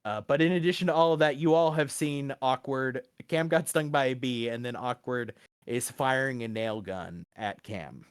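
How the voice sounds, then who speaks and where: A man narrating as game master, relaxed, with frequent fillers and easy laughs. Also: mid-range voice, normal speed, clear, resonant tone, no room sound, studio quality.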